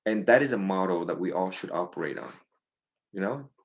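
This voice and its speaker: Animated man counseling a family. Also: low-pitched, a little fast. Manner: animated, swings loud and soft, acts out parents and kids. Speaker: Buddhist monk counseling a family.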